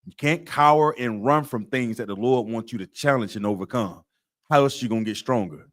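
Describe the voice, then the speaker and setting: A man's voice: mid-range voice, a little fast. A middle-aged man leads a scripture class. He lectures in a preaching style, emphatic and streetwise, and repeats his points for weight.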